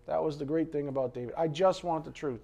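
A male pastor preaches in a lively, conversational style, joking with the congregation and alternating loud emphasis with quiet asides. His voice is on the high side, quick, with some vocal fry.

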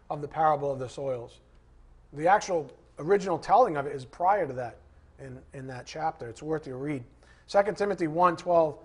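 A man's voice: a little high, darkish tone, breathy edge. A man preaching a sermon, repeating scripture references and putting questions to his congregation in an emphatic style. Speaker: pastor.

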